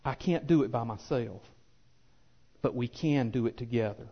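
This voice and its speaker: A pastor preaching a sermon with impassioned swells that drop to soft, earnest appeals. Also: male voice, mid-range voice, normal speed, highs cut off. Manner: impassioned preaching, rising loud then softening.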